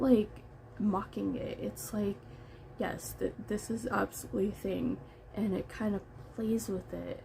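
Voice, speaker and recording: A woman's voice: mid-range voice, warm tone, a little hiss or hum, low-quality recording. A woman chatting casually through a book review, rambling and poking fun at herself. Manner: chatty, rambling, self-deprecating.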